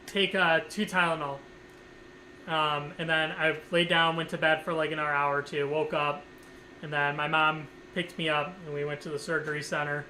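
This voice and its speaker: High, bright-voiced man rambling casually. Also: flat delivery, moderate pace, a little hiss or hum, rough recording. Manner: rambling, full of "like" fillers and swearing. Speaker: streamer. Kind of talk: casual storytelling to camera.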